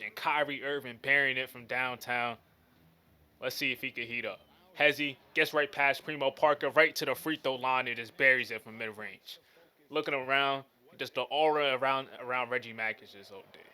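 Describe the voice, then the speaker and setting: Bright-voiced man calling game action. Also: mid-range voice, fairly even intonation, brisk, clean tone. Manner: hyped, slangy play-by-play. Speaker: gaming commentator. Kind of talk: casual play-by-play commentary.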